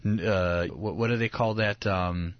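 Rambling pastor co-host, dull dry sound. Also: male voice, fairly low pitch, fairly even intonation, unhurried, no echo. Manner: rambling storyteller with many restarts and laughs. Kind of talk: casual studio chat. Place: radio studio.

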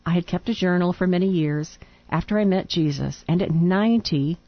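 A woman's voice: fairly low pitch, normal speed, dull audio. A woman co-hosting a radio show, reading a listener's letter aloud and breaking off to laugh. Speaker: radio co-host.

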